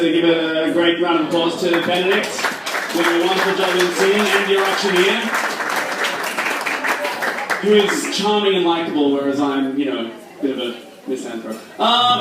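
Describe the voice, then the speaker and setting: A young man with a mixed Australian and American accent does stand-up comedy, chatting with the crowd and poking fun at himself. His voice sits fairly high. He is heard through a PA from far off in a big echoey hall. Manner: self-deprecating, quick asides, audience banter. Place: large echoey hall at a fundraiser.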